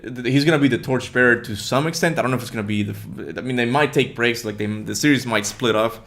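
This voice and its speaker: Male podcast host, casual, excitable, frequent laughs, remote-call mic. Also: mid-range voice, fast talker, vocal fry. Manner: excitable, laughs often, stumbles over words. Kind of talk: casual gaming chat.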